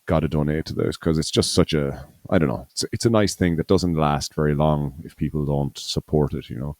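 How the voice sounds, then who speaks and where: A very deep-voiced man rambles casually on a podcast, circling back with fillers and self-corrections. His tone is mellow and low. The sound is close and dry. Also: brisk, no echo. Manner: rambling, full of fillers and restarts. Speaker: podcast co-host. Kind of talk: casual chat.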